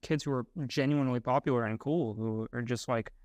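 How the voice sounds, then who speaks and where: A man's voice: medium pitch, steady tone, brisk, a little mellow, dry recording, highs cut off. A young man from Massachusetts co-hosting a podcast, talking things through reflectively and often checking in with "right?". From Massachusetts, USA. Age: young adult. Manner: reflective, uses fillers like "right?" and "you know". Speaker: podcast co-host. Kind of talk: casual podcast discussion.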